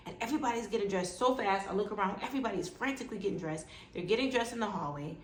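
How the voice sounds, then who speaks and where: A woman vlogger telling a personal story in a lively way, acting out what others said. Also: medium pitch, rapid-fire. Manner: animated, acts out quoted dialogue. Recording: echoey room with faint background noise.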